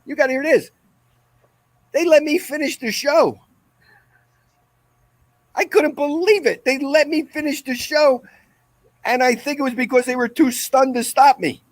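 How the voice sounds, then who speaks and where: A man, the guest, telling a comic story in an animated, excitable way. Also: very high voice, a little slow, long pauses, dry recording. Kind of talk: comedic storytelling.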